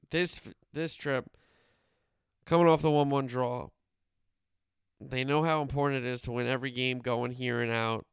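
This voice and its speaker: A man's voice: mid-range voice, vocal fry, smooth, no room sound, clean studio sound. A man casually running through soccer scores and previews as a podcast host, rambling and correcting himself as he goes. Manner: conversational, rambling with fillers and self-corrections. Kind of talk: casual sports roundup.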